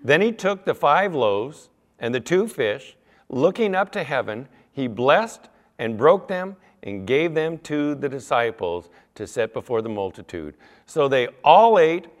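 Middle-aged pastor preaching in a reverberant church. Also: male voice, medium pitch. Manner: conversational storytelling with asides to the congregation. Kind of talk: sermon. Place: church sanctuary. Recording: long hall reverb.

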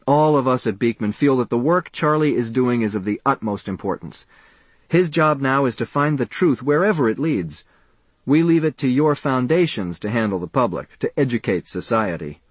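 A man doing a placating, cautious scientist in an audiobook, speaking in a husky, dry voice with lively pitch. He talks like he is calming someone down. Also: normal speed, no echo, close to an everyday voice. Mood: cautioning. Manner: soothing, cautioning.

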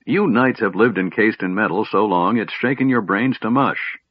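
A man's voice: on the low side, expressive, normal speed, breathy edge, no echo, highs cut off. A man reading an audiobook voices a grumpy old male dwarf who snorts and scolds, stammering through chattering teeth. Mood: scornful.

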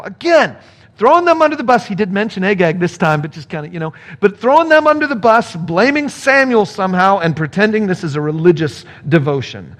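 A male pastor giving a sermon with scripture reading, playful and animated, acting out the characters. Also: sits high, fairly quick.

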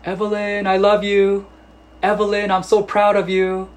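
A beaming father cheers his daughter from across a park, his voice raised high and carrying as a man puts him on. He calls out encouragement with open, unashamed warmth. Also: monotone, moderate pace, close to an everyday voice. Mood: cheering. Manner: shouting affection from afar.

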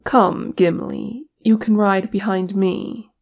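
A courteous male elf speaks calmly and easily, as a reader voices him. The voice is slightly gravelly, in a fan storybook reading. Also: medium pitch, slow. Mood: friendly.

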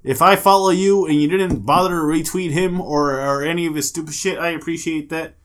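A man's voice: on the high side, steady tone, fairly quick. A man co-hosting a fight podcast, swearing bluntly and laughing often in casual chat. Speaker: podcast co-host.

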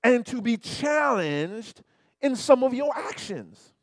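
High-voiced man preaching a lively sermon. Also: slow, dry recording, clean studio sound. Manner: animated, colloquial preaching with repeated asides to the listeners. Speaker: pastor.

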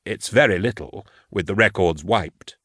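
A man's voice: sits low, moderate pace, fairly bright tone, breathy edge, no room sound, clean studio sound. A man voicing a nervous, fussy young male scholar with a whiny edge. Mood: earnest.

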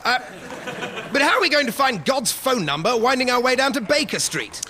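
A man's voice: very high voice, very animated, fairly quick, pushed and bright, a little hiss or hum, exaggerated voice. A man playing a dim, blustering Victorian army major in a comedy sketch. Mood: pompous.

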